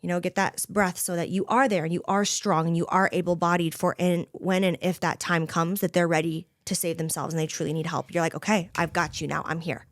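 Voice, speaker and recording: A woman's voice: on the low side, level tone, fairly quick, few pauses, no room sound, studio quality. A woman in her thirties, a podcast guest speaking earnestly and from the heart in candid conversation. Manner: earnest, heartfelt, repeats "you know" and "like". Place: podcast studio.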